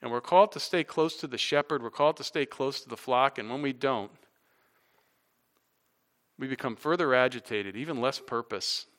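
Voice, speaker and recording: A middle-aged man preaching a sermon as pastor, animated and conversational, rising loud for emphasis with casual asides. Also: mid-range voice, moderate pace.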